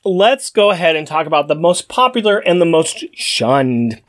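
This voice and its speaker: An upbeat man co-hosting a casual podcast chat. His voice sits a little high and swings a lot as he talks. He keeps the segments moving along. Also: very animated, normal speed. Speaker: podcast co-host.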